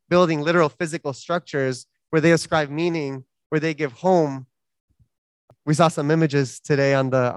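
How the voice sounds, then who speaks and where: A man delivers an earnest, reflective sermon, building his points through repeated phrases. His voice sits a little high and sounds smooth and resonant. The sound is close and dry. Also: dry recording. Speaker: preacher.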